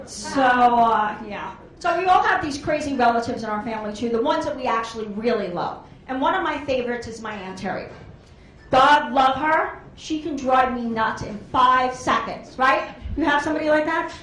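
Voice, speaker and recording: A woman comedian works a club crowd with a high, bright voice. She rambles brashly through stories and slips into quoted voices. The sound bounces around a roomy club, with faint hum underneath. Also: lively intonation, normal speed. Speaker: stand-up comedian. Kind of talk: stand-up comedy set. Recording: echoey club room.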